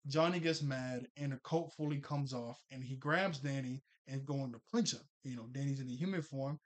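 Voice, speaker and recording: A young man casually recapping a cartoon episode, chatty and quick to laugh, full of fillers and restarts. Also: medium pitch.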